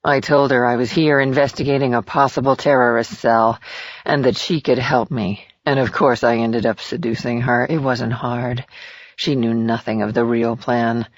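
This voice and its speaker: A man voicing a gravelly, cruel killer. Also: medium pitch, moderate pace, no echo, highs cut off, close to an everyday voice. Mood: cold. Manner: flat, menacing boasting.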